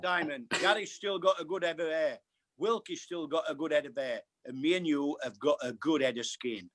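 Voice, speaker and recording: An older Yorkshire man, a guest barber, telling a story with a cheeky, boastful streak. He repeats his punchlines, and his voice sits a little high. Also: normal speed, fairly bright tone. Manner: boastful, jokey, repeats himself. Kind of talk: casual storytelling.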